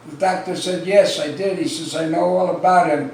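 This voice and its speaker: A man's voice: fairly high pitch, fairly even intonation, moderate pace, darkish tone. A man telling dirty jokes in an echoey room. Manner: acts out characters' lines with raised voice, laughs at own punchlines. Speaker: joke teller. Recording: distant mic in a very echoey room, faint background noise.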